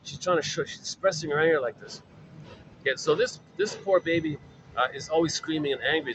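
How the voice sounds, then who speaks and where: Guy lecturing casually, lots of ums and repeats, higher voice, cars going by. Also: a little fast, muffled recording, background noise. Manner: explanatory, repetitive, with many fillers. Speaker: lecturer on psychoanalysis. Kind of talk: informal spoken lecture.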